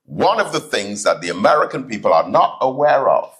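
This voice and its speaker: A man delivers a sermon-style keynote to a live audience in a hall. His pitch swings widely as he speaks, and he slips into different voices for the people in his stories. He talks at an everyday middle pitch. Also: fairly quick. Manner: animated storytelling, acts out voices in anecdotes. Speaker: keynote speaker, student minister.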